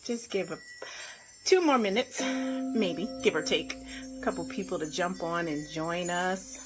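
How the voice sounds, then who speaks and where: A woman life and health coach on a live stream, bubbly and effusive, warmly greeting viewers by name and laughing often. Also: fairly low pitch, unhurried, faint music behind.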